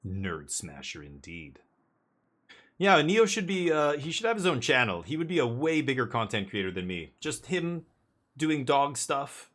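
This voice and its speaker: A man's voice: medium pitch, very animated, measured pace, fairly bright tone. A man chatting casually as he streams a card game, rambling with jokey asides. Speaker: live streamer. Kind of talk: casual gameplay commentary.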